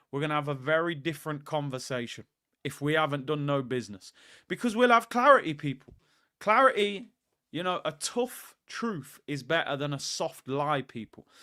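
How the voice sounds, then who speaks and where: A man talking casually on a live stream, his voice fairly high and smooth. He rambles in a chatty way and keeps turning to his viewers. He often reads their comments aloud. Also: bright, forceful tone. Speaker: football fan channel host. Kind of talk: casual livestream chat.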